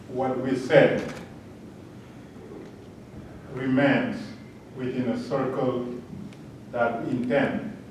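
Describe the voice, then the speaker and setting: A man giving a public talk as a panel respondent, telling a personal story in an earnest way and chuckling at his own jokes. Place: large lecture hall. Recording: echoey hall from a distance, faint rumble.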